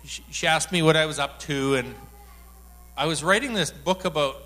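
A middle-aged man preaching to a congregation, retelling a personal anecdote in an animated, chatty way. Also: on the high side, normal speed, soft background music. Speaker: church speaker. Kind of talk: sermon storytelling.

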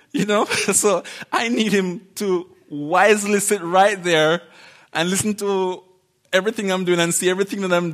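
Male preacher, conversational and animated, fairly high voice, laughs now and then. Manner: conversational, animated, acts out quotes, laughs often. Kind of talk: informal sermon.

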